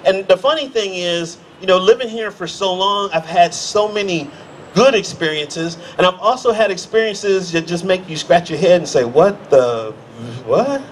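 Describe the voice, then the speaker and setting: A middle-aged American man doing a stand-up comedy set, telling stories and jumping into quick character voices. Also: high voice, fairly bright tone, slight background noise. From United States. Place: comedy stage.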